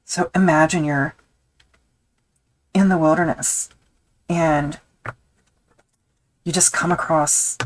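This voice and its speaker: A woman tools leather during a live stream and talks casually, rambling and self-deprecating, filling her thinking-aloud with fillers. She speaks slowly and steadily in a low voice, pausing often, on a rough recording.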